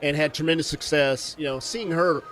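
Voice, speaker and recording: A man co-hosting an interview, telling an animated story with frequent laughter. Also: a little high, moderate pace. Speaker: co-host. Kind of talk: casual interview chat.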